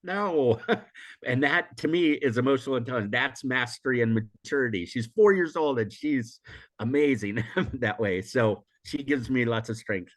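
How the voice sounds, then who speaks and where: A man's voice: medium pitch, moderate pace. Older American man, rambling and reflective. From USA. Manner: rambling, self-correcting, laughs often. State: recovering from illness, coughing. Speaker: interview guest, emotional intelligence teacher. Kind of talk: casual reflective interview talk.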